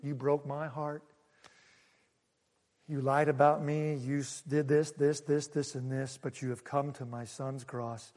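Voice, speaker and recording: Male preacher plays God: gentle, forgiving father, hushed and low, in a reverberant hall. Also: level tone, unhurried, close to an everyday voice. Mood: tender. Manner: soft, low, sinking toward a whisper. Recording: long reverb of a large hall.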